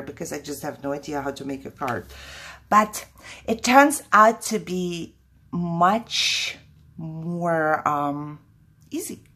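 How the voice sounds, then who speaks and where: A woman's voice: fairly low pitch, lively intonation, a little slow, fairly bright tone, slight background noise. A middle-aged woman hosting a casual craft tutorial at home, chatting, laughing often and second-guessing herself. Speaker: crafting channel host.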